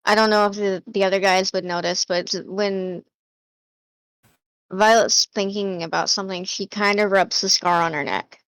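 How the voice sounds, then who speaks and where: A woman's voice: medium pitch, fairly even intonation, normal speed, fairly bright tone, no room sound. A woman player in a tabletop game, chatty and thinking aloud. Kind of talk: casual tabletop play.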